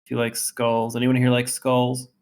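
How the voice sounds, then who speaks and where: A man in the host's chair of a casual call-in show. He talks in an upbeat, rambling way, jumping between thoughts. His voice sits at an ordinary middle pitch. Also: monotone, normal speed, darkish tone. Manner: rambling, upbeat, reads clues aloud. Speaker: host.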